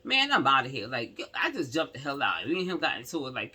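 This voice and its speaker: A woman's voice: a bass voice, big pitch swings, fast, few pauses, pushed and bright, slightly rough. A woman casually telling a personal story to her viewers, emphatic and rambling, with many asides to the audience.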